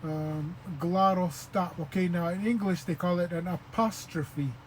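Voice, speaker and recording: A man giving an informal spoken language lesson, patient and repeating sounds slowly, with many fillers. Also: sits high, darkish tone, slight background noise, low-quality recording. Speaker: language teacher.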